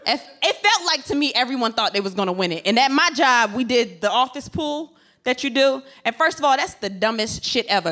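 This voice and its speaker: A woman's voice: high-pitched, sharp tone. A woman from Virginia Beach doing a stand-up comedy set, sassy and brash, punching her jokes with asides. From Virginia Beach, USA.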